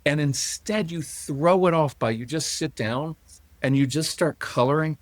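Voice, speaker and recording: A middle-aged man, a parenting coach as a podcast guest, telling stories lively and acting out quotes from parents and kids. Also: a little high, a little slow, dry recording. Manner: animated storyteller acting out parent and child quotes. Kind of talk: conversational interview.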